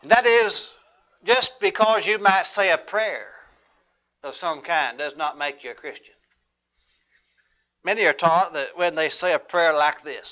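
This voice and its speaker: A man preaching a sermon in an earnest, measured way, citing scripture. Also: on the high side, pushed and bright. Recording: dull lo-fi recording.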